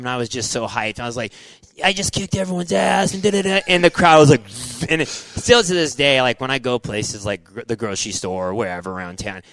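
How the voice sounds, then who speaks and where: A middle-aged man, a former motocross racer, telling animated stories as an interview guest, full of "like" and "dude" and acting out his own past thoughts. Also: mid-range voice, clean tone, dry recording, low-quality recording. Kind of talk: animated storytelling in casual interview.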